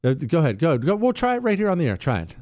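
A man's voice: a little high, quick pace, no room sound. A man hosting a talk show, his voice leaping up and down as he mocks and riffs. He sounds dry and close to the mic, with no room around him. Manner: sarcastic, animated, riffs and mocks. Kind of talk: casual opinion talk show.

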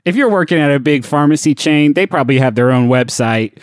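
A man co-hosting a comedy podcast, joking in a halting, deadpan way. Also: a little high, no room sound, studio quality. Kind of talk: comedic banter.

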